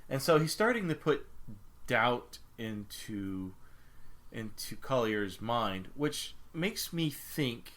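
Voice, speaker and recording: A man's voice: mid-range voice, very animated, takes it slowly, a bit bright. A man co-hosting a film podcast, recapping scenes casually with many fillers and self-corrections. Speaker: podcast co-host. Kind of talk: casual chat.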